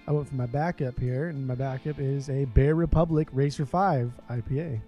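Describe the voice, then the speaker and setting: A man's voice: mid-range voice, fairly even intonation, moderate pace, highs cut off, faint music behind. A young man co-hosting a casual beer review, rambling in a laid-back way and cracking crude jokes. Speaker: podcast co-host reviewing beer. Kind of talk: casual chat.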